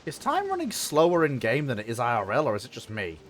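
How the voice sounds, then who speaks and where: A man's voice: medium pitch, huge pitch swings, fast, a bit bright, a little hiss or hum. A man hosting a casual gaming stream, trading jokey banter and dry self-mocking asides with a co-player.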